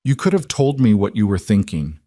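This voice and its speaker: A man's voice: lowish voice, big pitch swings, a little fast, warm tone, dry recording, studio quality. A man voicing a guarded woman executive who asks clipped, pressing questions. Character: guarded woman CEO, sharp and controlled.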